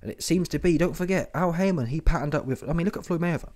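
A man's voice: a little high, fast talker, darkish tone. Slangy man mocking in casual commentary. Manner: slangy, mocking, keeps tagging lines with "yeah?". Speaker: host of a commentary channel.

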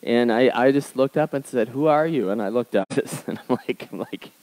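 A male pastor preaching in a relaxed, conversational way at a middle pitch. He pushes his voice up for emphasis, then drops into soft, low asides while telling personal stories. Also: normal speed, poor audio. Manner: conversational storytelling, swinging between emphatic highs and quiet asides. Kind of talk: sermon.

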